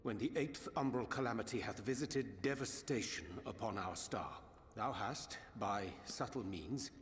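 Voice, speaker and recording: A man's voice: lowish voice, moderate pace, big-room sound, a little hiss or hum, natural voice. An actor playing a scholarly man who speaks in ornate, old-fashioned English in game cutscene dialogue. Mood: solemn.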